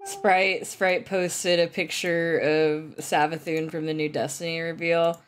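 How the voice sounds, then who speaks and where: A chatty woman streamer with a fairly low voice. She jokes around easily and runs on into long explanations as she plays. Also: little pitch movement, unhurried. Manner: chatty, jokey, laughs often, explains things at length. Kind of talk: casual chat while playing a game live.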